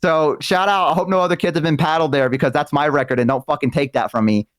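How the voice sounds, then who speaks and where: A man from the American South telling stories in casual chat, animated and profane, acting out the other people in them. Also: a little high, fast talker, no echo, studio quality. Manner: animated, profane, acts out quoted voices. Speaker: streaming guest.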